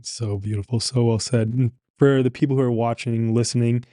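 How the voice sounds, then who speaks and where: A man's voice: medium pitch, steady tone, brisk, mellow, dry recording, studio quality. A man hosting a podcast interview, affirming his guest and asking long multi-part questions. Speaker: podcast host. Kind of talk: interview conversation.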